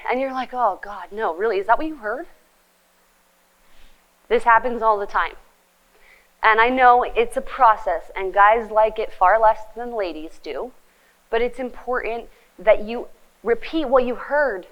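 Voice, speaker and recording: Middle-aged female life coach, fairly high voice, playful and direct, acts out the quoted lines. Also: normal speed, poor audio. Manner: lively, joking, acts out quoted partners. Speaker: relationship speaker and life coach. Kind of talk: motivational talk.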